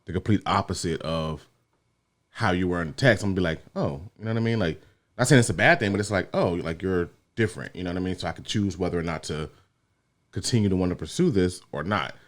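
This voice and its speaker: A man co-hosting a casual podcast, calmly reasoning through his side with repeated "you know what I mean". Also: deep voice, fast. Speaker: podcast co-host. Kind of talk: casual chat.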